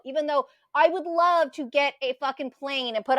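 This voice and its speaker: A woman's voice: high-pitched, moderate pace, hardly any pauses, a bit bright, dry recording, clean studio sound. A woman co-hosting a podcast, ranting in a heated, profane, casual political chat. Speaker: podcast co-host.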